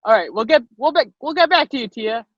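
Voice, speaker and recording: A woman leading an online public speaking workshop on a video call, lively and quick-talking, encouraging the participants. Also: on the high side, dry recording. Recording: dull lo-fi video call audio.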